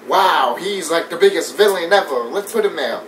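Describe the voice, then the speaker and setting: A man giving a casual, animated movie review rant. He swears often, laughs a lot and mimics scenes as he talks. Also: on the high side, normal speed. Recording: distant mic with faint background noise.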